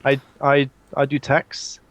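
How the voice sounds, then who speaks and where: A man's voice: medium pitch, monotone, unhurried, a bit bright, no echo. Hesitant self-mocking man, dry sound. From Jersey. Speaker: podcaster guest. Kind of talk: casual chat. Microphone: earphones with mic.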